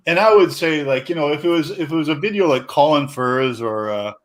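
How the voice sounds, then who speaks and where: A man's voice: fairly high pitch, expressive, moderate pace. A man hosting a casual chat, rambling and searching for his words.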